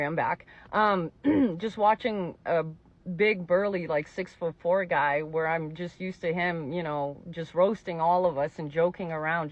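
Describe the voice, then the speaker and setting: A man from Canada recounts a workday in a slightly raised voice, holding back tears and pausing often. The recording sounds dull and lo-fi. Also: fairly high pitch. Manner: tearful, pausing, casual storytelling. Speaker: oil rig worker. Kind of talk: emotional personal story.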